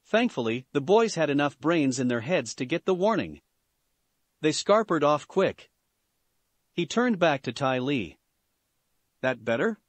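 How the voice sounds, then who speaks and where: A man narrating a fan-fiction story in an expressive, animated reading. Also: a little high, measured pace, no room sound.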